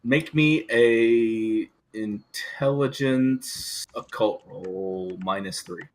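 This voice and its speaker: A man running a tabletop game as game master, narrating in a halting way with many fillers. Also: mid-range voice.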